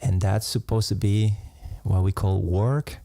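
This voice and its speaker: Low gravelly guy, slow musing meditation talk, little laughs. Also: fairly even intonation, no echo, clean studio sound. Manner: unhurried, musing, laughs softly between thoughts. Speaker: meditation teacher. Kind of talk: reflective live-stream talk.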